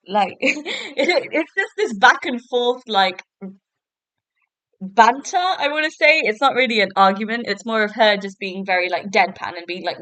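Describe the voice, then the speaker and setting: A woman's voice: fairly high pitch, lively intonation, moderate pace, fairly bright tone, no room sound. A young woman, chatting casually as a podcast host and laughing often as she talks. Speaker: podcast host reviewing a TV episode. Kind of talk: casual review chat.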